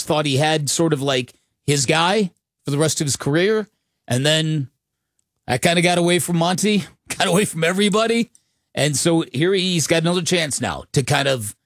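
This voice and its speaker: A man co-hosting sports talk radio, rambling and halting with many restarts. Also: on the high side, a bit bright, dry recording, clean studio sound.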